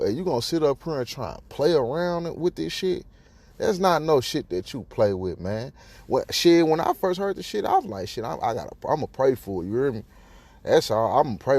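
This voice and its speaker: Gravelly, animated profane man ranting. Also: on the high side, no room sound. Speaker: podcast host. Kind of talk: casual commentary on news.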